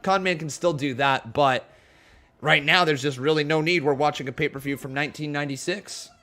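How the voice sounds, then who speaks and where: A man with a somewhat high voice calls wrestling play-by-play in a relaxed live stream. His voice sounds a little sore and tired. Now and then he lifts into louder, hyped commentary. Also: brisk. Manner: laid-back play-by-play, reads chat aloud, jumps to hyped shouting. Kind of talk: casual wrestling watch-along commentary.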